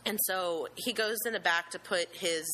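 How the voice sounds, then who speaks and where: A young woman nervously recounting a frightening event she saw, halting and earnest, with many pauses and restarts. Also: lowish voice, pushed and bright, slight background noise, low-quality recording. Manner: earnest and emotional, with religious gratitude. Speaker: eyewitness telling her story. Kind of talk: personal account, unscripted.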